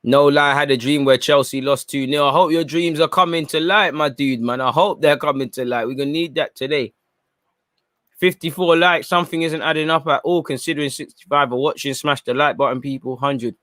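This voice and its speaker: A man's voice: fairly high pitch, fairly quick, fairly bright tone, dry recording, studio quality. A young man giving chatty live commentary during a football watchalong stream and reacting to viewer comments.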